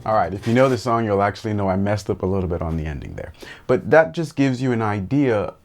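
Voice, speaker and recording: A man with a lowish voice walks through a piano lesson, explaining chords and rhythm in plain, friendly terms to his viewers. He counts beats aloud as he demonstrates, with soft piano playing behind him. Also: animated, fast. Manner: friendly direct address to viewers. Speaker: piano teacher and worship leader.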